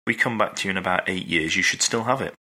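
A man's voice: sits low, quick pace, sharp tone. A man hosting a casual chat, friendly and questioning. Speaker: host.

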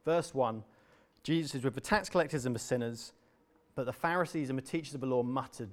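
A male preacher delivering a sermon, telling a parable with dramatic, expressive narration. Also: mid-range voice, fairly quick.

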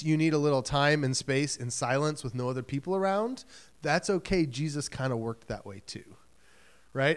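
High-voiced man preaching casually. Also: clear, resonant tone. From Michigan. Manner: conversational, acts out quoted voices, frequent "like" and "right?". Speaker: pastor. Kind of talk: sermon.

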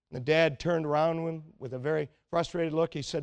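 A male pastor preaching a Sunday sermon in an earnest, exhorting way, often dropping to a quiet, intense tone. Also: fairly high pitch, fairly even intonation, a little fast, hardly any pauses, clean tone.

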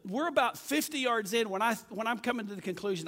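A man preaching a sermon, telling a story in a lively, self-mocking way. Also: sits high, fast, in a large hall.

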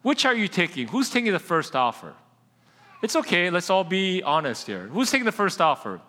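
A man's voice: high-pitched, very animated, moderate pace, pushed and bright, in a large hall. A male pastor preaching a casual, conversational sermon and speaking directly to his congregation with questions.

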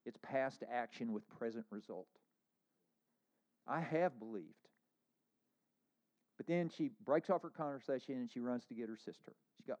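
A man preaching a sermon as pastor, earnest, moving between hushed lines and emphatic ones. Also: mid-range voice, animated, moderate pace, pauses often.

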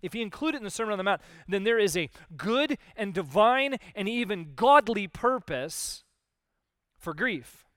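A man preaching a sermon as pastor, conversational and animated, acting out little quoted voices. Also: sits high, normal speed, no echo, studio quality.

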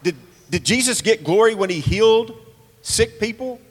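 Man preaching, earnest, rhetorical questions, fairly high voice, long hall reverb. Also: lively intonation, normal speed. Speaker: pastor. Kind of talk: sermon.

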